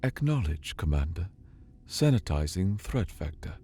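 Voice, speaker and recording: A man puts on a calm, placid alien machine intelligence reporting in clipped, formal phrases. The voice sits low and dark yet swings widely in pitch. It sounds like a sci-fi storybook AI. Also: a little slow, heavily acted. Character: calm male alien AI commander's voice.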